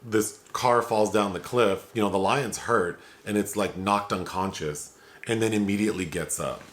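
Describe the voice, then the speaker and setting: A man's voice: on the low side, normal speed. A man hosting a film review podcast, chatting casually with fillers and laughter. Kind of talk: casual chat.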